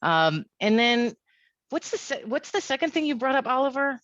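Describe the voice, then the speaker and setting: A woman from India with an American accent leading an online leadership workshop, lively and checking in with a frequent "right?". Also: high-pitched, normal speed, no room sound, muffled recording. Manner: lively, keeps asking "right?".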